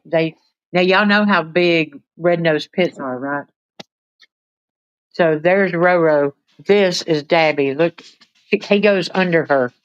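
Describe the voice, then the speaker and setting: Chatting away to her livestream audience in a loose, rambling manner, this woman also coos at her pets in a high baby voice. Her tone is clear and resonant. Captured on a phone, the recording is dry, with the highs cut off.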